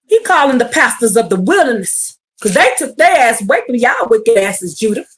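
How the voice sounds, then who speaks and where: Woman w/ aave preaching a bible class, high voice, super lively, slangy, gets shouty. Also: moderate pace. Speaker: bible teacher. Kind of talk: streamed bible class sermon.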